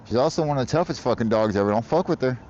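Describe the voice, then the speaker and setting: A man's voice: mid-range voice, lively intonation, rapid-fire, a little mellow, a little hiss or hum. Profane rambling man, dull street-stream audio. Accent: American. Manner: profane, rambling, laughs often. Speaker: livestreamer. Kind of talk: casual live-stream chat. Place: outdoors in traffic on a bike.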